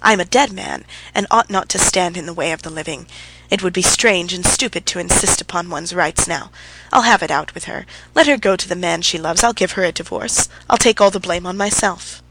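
A woman voicing a sick, weary male doctor who speaks in a tired, resigned, measured way. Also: lowish voice, fairly bright tone, slight background noise, rough recording.

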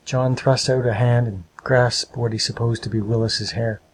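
Husky man reading a storybook. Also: medium pitch, fairly even intonation, normal speed, poor audio. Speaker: narrator.

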